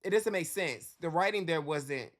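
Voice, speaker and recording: A man hosting a reaction video, commenting in a casual, colloquial way with animated asides. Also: on the high side, moderate pace.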